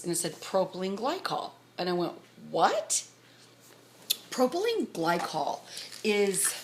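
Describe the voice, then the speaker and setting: Fast-talking excitable middle-aged woman. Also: fairly low pitch, slight background noise. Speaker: vlogger. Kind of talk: casual storytelling to camera.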